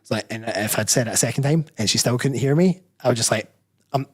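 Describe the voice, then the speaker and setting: In a casual interview, a personal trainer from Scotland talks quickly in a mid-range voice with a breathy edge. He muses and wanders as he speaks, regularly revising himself in the middle of sentences.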